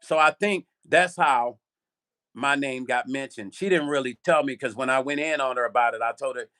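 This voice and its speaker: Animated, profane older man telling a story. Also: medium pitch, moderate pace, smooth. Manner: animated, profane, talks straight to viewers. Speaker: vlog host. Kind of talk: casual livestream storytelling.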